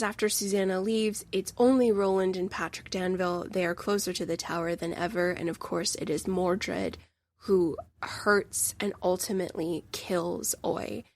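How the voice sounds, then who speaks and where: A woman hosting a book review podcast, talking in an earnest, deeply emotional way into a close mic. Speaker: podcast host.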